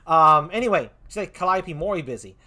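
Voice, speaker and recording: A man hosting a livestream, doing playful improv game banter with a hammy, animated manner. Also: on the high side, a little fast. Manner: animated, hammy, laughs often. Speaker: stream host.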